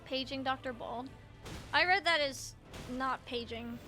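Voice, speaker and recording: A woman's voice: high-pitched, measured pace, sharp tone, faint music behind. A woman from Canada, chatting casually with her viewers during a live game stream and swearing freely. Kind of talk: live gaming stream chat.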